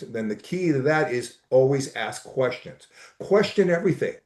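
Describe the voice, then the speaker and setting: A man's voice: mid-range voice, animated, moderate pace, darkish tone. A middle-aged man, a guest telling stories in a casual chat, enthusiastic and rambling with restarts. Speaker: podcast guest, entrepreneur. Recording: echoey room.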